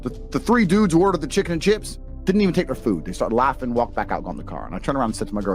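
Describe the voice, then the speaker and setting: A British podcast guest races through boastful, profanity-laced stories in a mid-range voice, barely pausing for breath. He's an animated teller of brash anecdotes, and faint music runs underneath.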